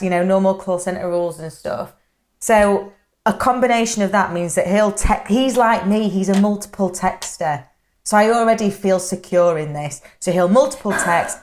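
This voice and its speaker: A young woman with a Yorkshire accent, co-hosting a casual podcast and telling chatty, self-mocking stories. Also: medium pitch. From England. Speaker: podcast co-host. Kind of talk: casual chat, storytelling.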